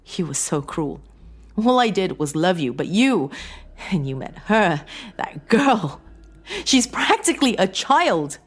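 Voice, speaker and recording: A woman voicing an estranged wife who is pleading and tearful, a little higher and louder than her narration. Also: very animated, normal speed. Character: grieving estranged wife, adult woman, clingy and sorrowful.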